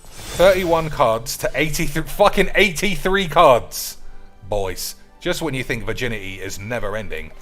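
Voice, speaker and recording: A man's voice: medium pitch, measured pace, a bit bright, soft background music. A man giving teasing, drawling commentary on his gameplay stream. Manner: drawling, teasing, addresses viewers as boys and lads.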